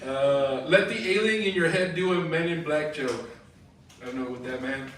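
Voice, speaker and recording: A man's voice: on the high side, moderate pace, fairly bright tone. A man hosting an open mic, reading roast comments casually, laughing and introducing the next comedian. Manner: casual, a little unsure, laughs at the jokes. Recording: echoey room, far from the mic, with noise.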